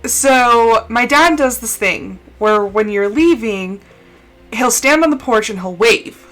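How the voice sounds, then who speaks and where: A woman's voice: fairly high pitch, expressive, slow pace, a bit bright, faint music behind, rough recording. A young woman streamer tells a personal story on a live stream, talking casually and crying as she goes. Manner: emotional, tearful storytelling. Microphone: desk mic, no camera.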